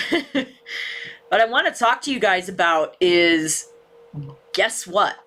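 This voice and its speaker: Soft music plays in the background as a livestream host talks to her viewers from a home room with a ceiling fan. She is frustrated and close to tears, cursing nonstop, with a mid-range, fairly bright voice that is expressive and slow.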